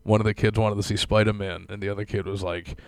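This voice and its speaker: Male podcast co-host, crude rambling banter, low gravelly voice, dry close sound. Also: little pitch movement, fast talker, dry recording. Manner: crude, rambling, swears a lot. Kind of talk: casual chat.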